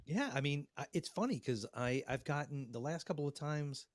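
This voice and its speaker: A man casually telling a long, profane story, animated and mocking himself. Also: a little high, normal speed, dry recording. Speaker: podcast co-host.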